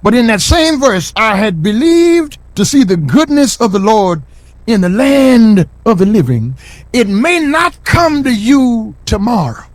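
A middle-aged man preaching a sermon in a church, repeating lines and building to shouts. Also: sits high, big pitch swings, a little slow, no room sound. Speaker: pastor. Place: church sanctuary.

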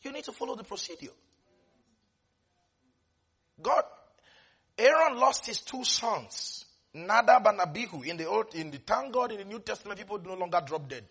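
Animated husky male preacher. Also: high-pitched, fairly quick. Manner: animated, acts out Bible scenes, swings from soft asides to shouting. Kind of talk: sermon.

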